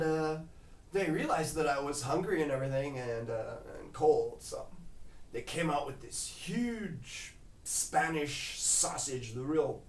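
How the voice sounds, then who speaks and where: A man telling a casual travel story at home, rambling with lots of fillers. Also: fairly high pitch. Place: home kitchen. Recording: roomy kitchen, mic at a distance.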